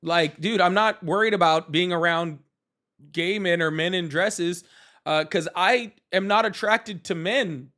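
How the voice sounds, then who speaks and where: A man's voice: high voice, a little slow, bright, forceful tone. A man hosting a live political chat stream, talking in a sarcastic, mocking, rambling way. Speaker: livestream host.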